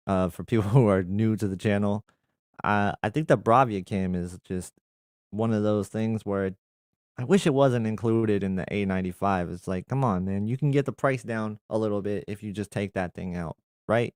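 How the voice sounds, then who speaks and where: A young adult man talks loosely through viewer comments, circling back with plenty of ums and likes. His voice sits a little low and comes across smooth and resonant. The sound is dry and close, with no room around it. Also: a little mellow, no echo. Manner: conversational, reads comments aloud then rambles with fillers. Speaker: tech channel host answering viewer comments. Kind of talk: casual live chat.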